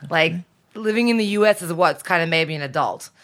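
A woman's voice: lowish voice, animated, fast. A woman in her thirties, from Australia, a guest in a casual interview who chats freely and laughs easily. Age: 30s.

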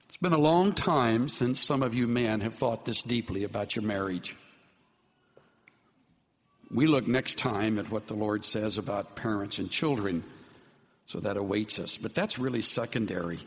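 A man preaching a sermon as pastor, earnest in tone and often dropping to soft, low words for emphasis. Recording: long hall reverb.

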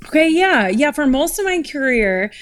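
A woman's voice: high voice, very animated, normal speed. A woman in her thirties with a Minnesotan accent, chatting as a podcast guest and Bible teacher, bubbly and self-deprecating. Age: 30s. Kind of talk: casual chat.

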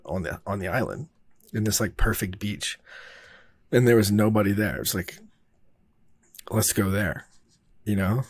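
A man tells a production story in a loose, rambling way, with fillers and casual swearing. His voice sits a little low. The recording is dry and close, with no room sound. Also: darkish tone, no echo. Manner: rambling, laid-back, heavy on fillers and swearing. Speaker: filmmaker telling a production story.

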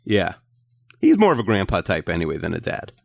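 A man with a low, gravelly voice hosts a casual podcast chat. He rambles and hesitates, teasing as he goes. The sound is dry and close. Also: huge pitch swings, brisk, no echo. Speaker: podcast host.

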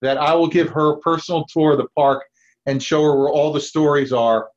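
A man in his fifties, a guest on a podcast, telling lively anecdotes and acting out the people in them. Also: a little high, a little fast, highs cut off. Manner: lively anecdotes with acted-out quotes and laughs. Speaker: guest, park founder's son. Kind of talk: animated storytelling.

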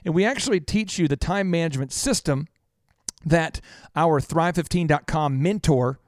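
A man with a high, bright voice tells stories on a business talk show, lively and animated as he mimics the people in them. The studio sound is close and dry, with no room around it. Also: normal speed, no room sound. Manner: animated storyteller, acts out quoted people. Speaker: business podcast host. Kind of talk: energetic talk show banter.

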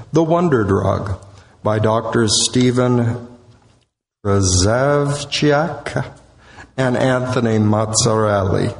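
A male minister preaching a sermon in short, deliberate, measured phrases. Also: mid-range voice. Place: church sanctuary. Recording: echoey hall with long reverb.

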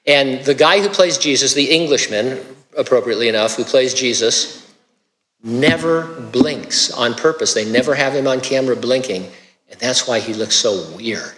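A man preaching a conversational sermon as a pastor, relaxed, with joking asides and small restarts. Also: medium pitch, moderate pace, in a large hall.

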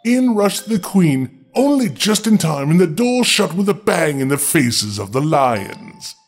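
A man telling a fairy tale with a high, lively voice that rises and falls a great deal. He breaks in with playful, wry asides, and soft music runs under his reading. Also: unhurried. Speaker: storyteller host.

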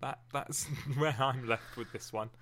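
A man co-hosting a casual, animated chat about poetry. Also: mid-range voice, measured pace, slight background noise.

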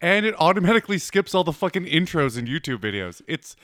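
A young man in casual chat, calmly explaining things at length to his co-host. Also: fairly high pitch, quick pace, no echo, clean studio sound. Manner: relaxed, explaining things in detail.

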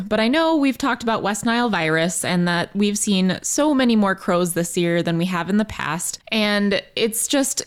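Chatty enthusiastic woman on radio. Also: mid-range voice. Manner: enthusiastic, informal, with fillers and laughs. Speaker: wildlife program manager.

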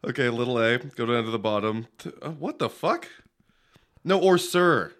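A man's voice: medium pitch, expressive, normal speed, fairly bright tone. A man co-hosting a comedy podcast, throwing in sarcastic, profane wisecracks. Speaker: podcast co-host. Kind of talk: casual comedic chat.

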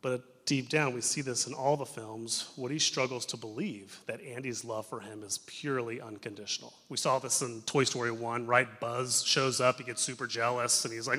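A young adult man preaching a sermon in a church as pastor, telling stories in an animated way that moves between loud and hushed. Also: mid-range voice, normal speed, few pauses. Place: church sanctuary. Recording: reverberant church sanctuary.

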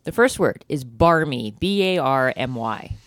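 A woman's voice: rumbling low, animated, unhurried, no room sound, clean studio sound. A woman co-hosting a casual chat, playful and laughing often as she quizzes her partner. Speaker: podcast co-host.

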